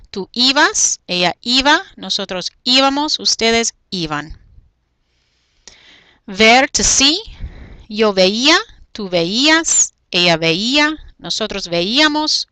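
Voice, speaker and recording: A woman's voice: mid-range voice, sharp tone, dry recording, poor audio. A woman teacher talking through a recorded video lesson, saying each point in Spanish and then again in English.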